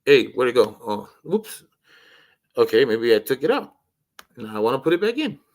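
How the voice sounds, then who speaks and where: A man's voice: mid-range voice, big pitch swings, moderate pace. Brash, profane livestream host man. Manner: profane, rambling, rants loudly. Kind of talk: casual voice chat.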